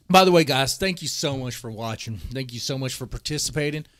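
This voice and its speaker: A man's voice: mid-range voice, animated, normal speed, a bit bright, no room sound, studio quality. A man hosting a livestream, rambling in casual, profane commentary and talking straight to his chat. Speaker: livestream host.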